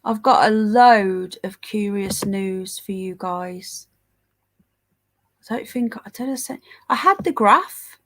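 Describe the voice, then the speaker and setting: A woman's voice: mid-range voice, slow, a bit bright. A woman with a stuffy head cold hosting a livestream, reading headlines and chat aloud with sarcastic, scornful asides. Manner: sarcastic, scornful commentary, chatty asides to viewers. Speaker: livestream news host.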